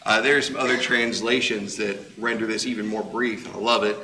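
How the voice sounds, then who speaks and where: A man's voice: on the low side, steady tone, a little fast, bright, forceful tone, slight background noise. A man preaching a sermon, explaining scripture in a conversational way with casual asides. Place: church auditorium. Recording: echoey church room.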